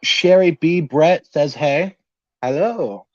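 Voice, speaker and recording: A man's voice: a little high, a little slow, a little mellow, dry recording. Nervous young man hosting a podcast. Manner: nervous, laughing, reading viewer comments aloud. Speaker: podcast host. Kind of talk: casual livestream chat. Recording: dull, lo-fi dry sound.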